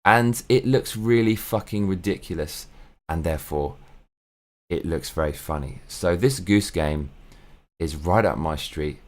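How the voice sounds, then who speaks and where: Low-voiced English man, ranting vlog. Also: unhurried, darkish tone. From England. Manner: profane, ranting. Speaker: show host. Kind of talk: casual vlog monologue.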